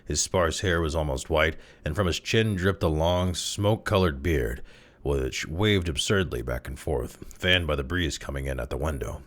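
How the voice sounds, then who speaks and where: A man casually reading a classic short story aloud, with expressive, dramatic delivery. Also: rumbling low, moderate pace. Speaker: narrator, audiobook reader.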